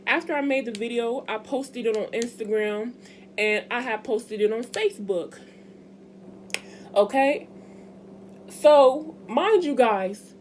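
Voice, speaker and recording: Young woman, casual vlog chat, animated and emphatic, slight background noise. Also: on the high side, a little slow. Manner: chatty, emphatic, addresses viewers as y'all. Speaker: vlogger.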